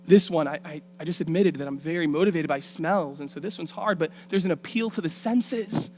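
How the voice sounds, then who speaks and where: A woman preaching a storytelling sermon in a church, colloquial and street-smart. She moves from hushed asides to loud, punchy lines. A faint hum runs under the sound. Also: low-pitched, a little fast. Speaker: guest preacher.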